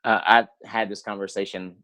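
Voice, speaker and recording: A man chatting as a podcast guest, halting and hesitant, with many pauses and restarts. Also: lowish voice, little pitch movement, bright, forceful tone. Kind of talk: casual chat.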